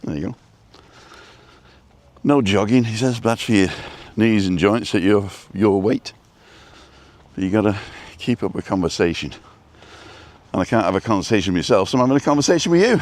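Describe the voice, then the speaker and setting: A man live-streaming as he walks outdoors by the coast, chatty and rambling, a little out of breath from walking briskly. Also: on the low side, darkish tone. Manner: chatty, rambling, greets viewers by name. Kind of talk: casual walk-and-talk live stream.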